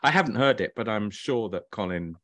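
A man's voice: on the low side, lively intonation, fairly quick, fairly bright tone, no echo. A man, a writer and actor, chatting as an interview guest and telling stories with animation and chuckles. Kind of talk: casual chat on a video call.

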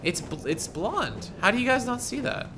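A man's voice: very high-pitched, sing-song, normal speed, very noisy. A man streaming a game live, casually chatting and teasing his chat. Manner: playful, teasing, reads chat aloud.

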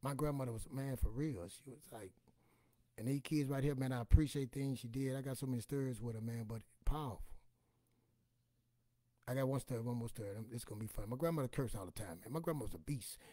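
Man, motivational storyteller, colloquial and animated, mid pitch, dry close sound. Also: quick pace, no room sound. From Louisiana, US. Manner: animated, colloquial, swears casually. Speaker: motivational speaker.

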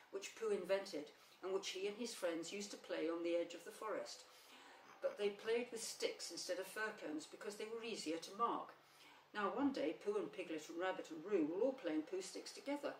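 A woman narrating a children's storybook gently and without hurry, her voice a little low. The recording sounds roomy and set back from the mic, with a faint hum in the background. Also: far from the mic. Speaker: storybook reader.

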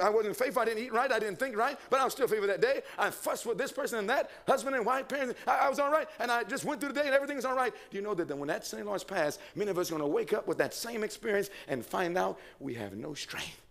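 A man's voice: high voice, fairly bright tone. A man preaching a sermon, asking the congregation questions, answering them himself and reading quotations aloud.

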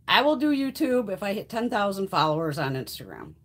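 A woman's voice: mid-range voice, sing-song, quick pace, few pauses, slightly rough. A middle-aged woman chatting casually while hosting a beauty livestream, swearing freely and laughing often. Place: home makeup room.

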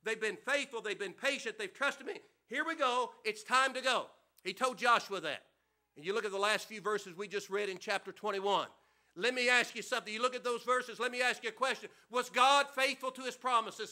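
High, bright-voiced preacher. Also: male voice, fairly quick. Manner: preaching with call-and-response questions. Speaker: pastor. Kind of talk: sermon. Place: church sanctuary.

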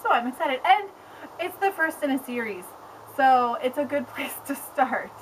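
Excitable high-voiced young woman vlogger. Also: moderate pace, slight background noise, rough recording. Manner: excitable, rambling, peppered with "like". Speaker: book blogger. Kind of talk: casual vlog chat. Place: home with pets around.

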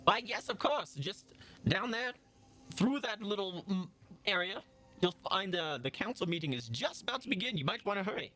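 A man voicing a small, excitable dwarf woman who runs an inn, in a high chirpy voice whose accent keeps shifting. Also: moderate pace, soft background music. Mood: cheerful.

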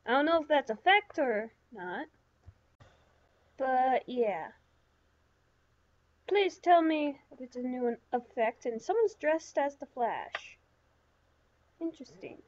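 A gaming channel host gives chatty, rambling let's-play commentary, talking to herself with lots of fillers. Her voice sits high with lively intonation, and she takes it slowly with long pauses in a muffled recording.

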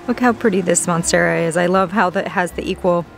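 A woman plant vlogger chatting casually as she browses a big box store garden center, easily excited. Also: lowish voice, a little fast, vocal fry, faint music behind. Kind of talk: casual walk-through narration.

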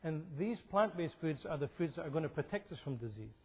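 This man's voice is a little high and slightly rough, and he's very animated and talks fast. He's presenting a health seminar in a church hall in a conversational way, quizzing his audience, on a lo-fi recording with hall reverb.

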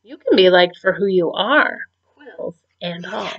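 A woman voicing a kind, worried female owl schoolteacher in a children's storybook, in a gentle, anxious manner. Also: fairly low pitch, animated, a little slow, breathy edge, heavily acted. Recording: dull lo-fi recording.

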